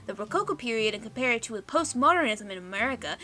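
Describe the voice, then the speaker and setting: A woman's voice: a little high, animated, fast, pushed and bright. A woman doing a pompous art-buff dad. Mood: lecturing. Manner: lecturing, fired up. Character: pompous middle-aged male art teacher, passionate.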